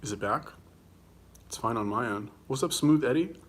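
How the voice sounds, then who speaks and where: A man's voice: medium pitch, lively intonation, normal speed. A young man hosting a casual livestream, answering viewer comments bluntly and combatively, swearing freely and talking while he eats. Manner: talks while eating.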